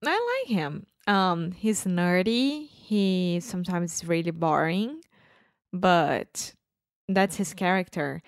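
Slow, smooth woman. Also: fairly low pitch, lively intonation, dry recording, studio quality. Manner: repeats words, simple phrasing. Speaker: podcast co-host. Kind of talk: casual chat.

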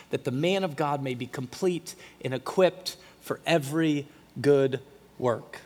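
In a church sanctuary, with long hall reverb on the recording, a middle-aged man preaches a passionate, emotional sermon marked by emphatic repetition. His voice is a little high, unhurried, and a little mellow.

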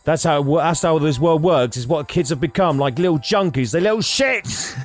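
An English man hosting a podcast, retelling a film with lots of laughter and animated storytelling. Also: a little high, moderate pace, faint music behind. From England. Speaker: podcast host. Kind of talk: casual chat, retelling a film.

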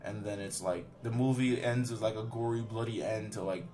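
A man's voice: lowish voice, fairly even intonation, fairly quick, over music. Rambling young man recapping a film. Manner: rambling, profane, many fillers. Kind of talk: casual chat, recapping a film.

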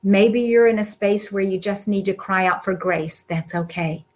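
A woman's voice: medium pitch, normal speed. A woman guest speaking to an audience in a heartfelt, casual way, earnest and encouraging. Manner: earnest, warm-hearted and encouraging, with soft laughs.

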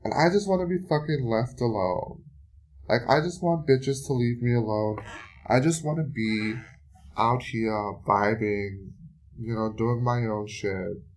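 A man's voice: mid-range voice, a little slow. A man hosting his own podcast, telling a story in a casual solo monologue, swearing often and venting with exasperation between many fillers. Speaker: podcast host.

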